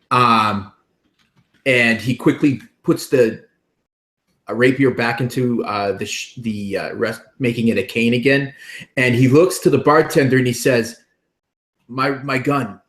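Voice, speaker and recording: Male player, mid-pitched, haltingly narrates his character, echoey room. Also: fairly bright tone. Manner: halting, with many fillers.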